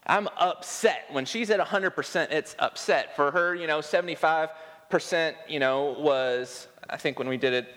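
A man preaching a sermon in a church, his voice sitting a little higher than most men's. He keeps a relaxed, conversational tone with gentle humor and acts out the lines he quotes. The sound carries a long reverb from the sanctuary. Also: moderate pace. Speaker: pastor.

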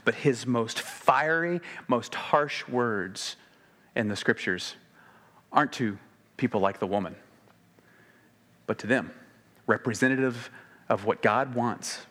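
A man preaching a sermon in a conversational way, slowing to quiet emphasis and then speeding up when animated. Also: mid-range voice. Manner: conversational, shifts between slow quiet emphasis and quick animated delivery.

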